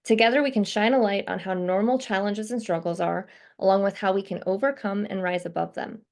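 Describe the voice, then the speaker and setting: A woman host opens her interview show with eager, upbeat energy. Her voice sits at a middle pitch, and she gets straight to her first question. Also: fairly even intonation, fairly quick, vocal fry, darkish tone. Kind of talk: podcast interview introduction.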